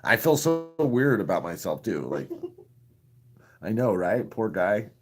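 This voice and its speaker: A man's voice: on the low side, very animated, measured pace, soft background music. A man telling crude, self-mocking stories on a live stream, laughing at his own jokes between coughing fits. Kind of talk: crude comic storytelling.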